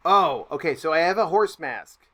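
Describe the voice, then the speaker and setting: Here a player with a slightly high voice at normal speed rambles and cracks jokes during casual tabletop role-playing, filling the gaps between his character's moves with lively asides.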